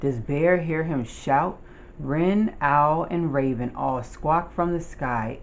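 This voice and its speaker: An adult reads a children's picture book aloud at an unhurried, careful pace, lingering over each line. The voice sits at a middling pitch. The recording sounds dull and lo-fi. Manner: slow, deliberate storytelling delivery. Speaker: storybook reader.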